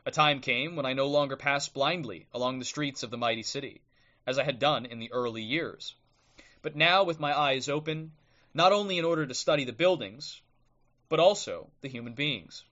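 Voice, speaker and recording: At normal speed, a man with a mid-range, bright, forceful voice hosts a livestream, the sound lo-fi from his streaming microphone. He rants bluntly and combatively with frequent "okay?" tags before reading aloud from a book.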